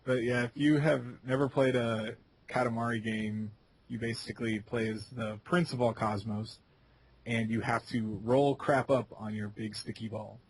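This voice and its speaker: A man co-hosting a casual gaming podcast, relaxed and rambling, swearing casually as he talks. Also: medium pitch, moderate pace, breathy edge, rough recording. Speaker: podcast co-host.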